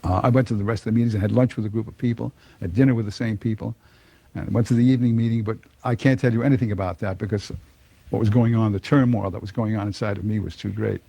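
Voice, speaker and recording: A man's voice: fairly low pitch, fairly even intonation, fast talker, creaky, dark tone, slightly rough, no room sound. An older man telling a personal conversion story to an audience, folksy and chuckling often. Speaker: speaker giving a personal testimony.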